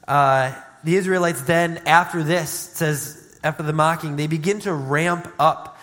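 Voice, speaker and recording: A man's voice: a little high, a bit bright. A man preaching a sermon in an earnest, conversational way, reading scripture aloud between his own remarks. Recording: long hall reverb.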